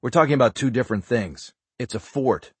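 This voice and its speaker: A man doing a calm, guarded agent. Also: husky, no room sound. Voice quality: low, quiet and measured.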